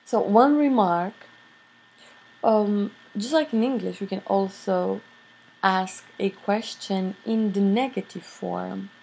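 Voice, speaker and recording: A woman teaching a recorded grammar lesson, unhurried, with many fillers as she explains and models example questions. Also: on the low side, gravelly, mellow, slightly rough, low-quality recording. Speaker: French teacher.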